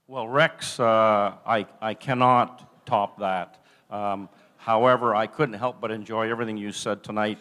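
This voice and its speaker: A man hosting an event, giving brief, courteous and slightly halting thanks to the guest speaker. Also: on the low side, steady tone, sharp tone. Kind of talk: formal thank-you remarks.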